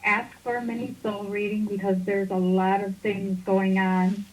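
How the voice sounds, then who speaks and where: A woman's voice: medium pitch, level tone, moderate pace, poor audio. A woman calling in to a radio show, eager and gushing. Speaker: caller. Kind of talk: call-in conversation.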